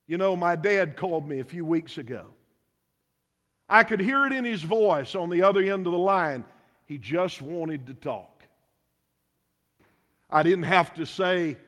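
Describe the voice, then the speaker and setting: A man's voice: high-pitched, unhurried, sharp tone. A man preaching a sermon as pastor, emphatic and full of rhetorical questions, in a church. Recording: long hall reverb.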